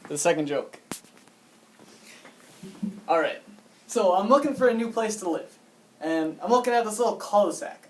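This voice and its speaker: A man's voice: high-pitched, a little mellow, slight background noise. A young man tells a joke story to a handful of listeners, stumbling and repeating himself as he goes. He sits back from the microphone, so he sounds distant. The room around him is roomy and echoing. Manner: halting, repeats words, laughs at own lines. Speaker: amateur comedian. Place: room with a small audience.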